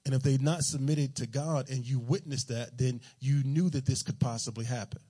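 A man's voice: medium pitch, normal speed, warm tone, slightly rough. A man preaching a sermon in a loose, conversational, joking way, full of everyday slang.

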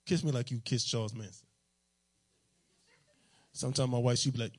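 A man's voice: medium pitch, fairly even intonation, moderate pace, pauses often, darkish tone. A man preaching a sermon in a loose, conversational, joking way, full of everyday slang.

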